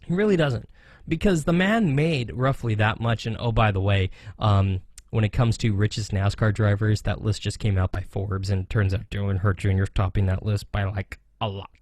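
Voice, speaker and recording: An American man hosting a racing talk show, giving animated, opinionated commentary with sarcastic asides. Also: lowish voice, normal speed, no echo. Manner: animated, sarcastic, mocks others in jokey voices.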